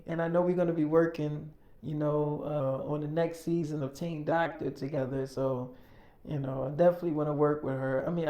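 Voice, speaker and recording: A man's voice: on the high side, darkish tone, echoey room. A man casually telling a story in slangy, informal speech, acting out each exchange with "I'm like" and "she's like.".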